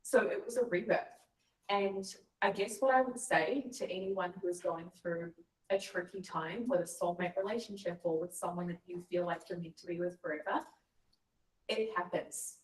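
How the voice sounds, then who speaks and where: A woman's voice: lowish voice, moderate pace, recorded from a distance. A woman telling a personal story in a casual chat, earnest and reflective. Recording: echoey room, voice a bit off-mic.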